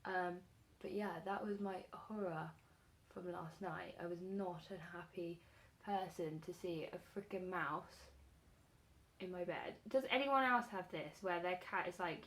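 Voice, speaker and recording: A woman beauty vlogger chatting casually while doing her makeup, telling an animated story full of fillers. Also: on the low side, a little slow.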